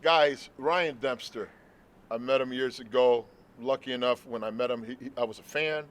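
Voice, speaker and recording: A male show host speaking warmly and heartfelt to his guest, outdoors at a stadium. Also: mid-range voice, moderate pace. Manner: effusive and heartfelt. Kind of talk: casual interview chat.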